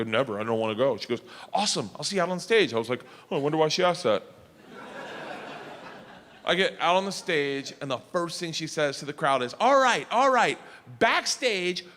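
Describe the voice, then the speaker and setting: A middle-aged man doing stand-up storytelling on stage, loud and animated, shouting his punchlines over the laughter. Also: sits high. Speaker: stand-up comedian. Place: live comedy stage before an audience. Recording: live stage recording with audience noise.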